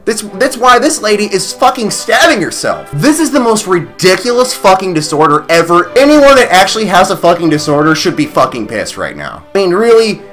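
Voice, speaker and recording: A man's voice: high-pitched, big pitch swings, fairly quick, few pauses, a bit bright, soft background music. A man hosting his own vlog, ranting crudely and sarcastically, swearing constantly. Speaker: vlog host. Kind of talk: profane rant commentary.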